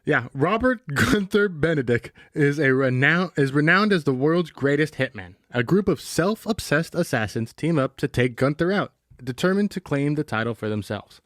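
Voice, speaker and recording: A man co-hosting a podcast in casual comedic chat, joking with a deadpan delivery and calling his friend bro. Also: on the high side, moderate pace, dry recording, clean studio sound. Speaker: podcast co-host.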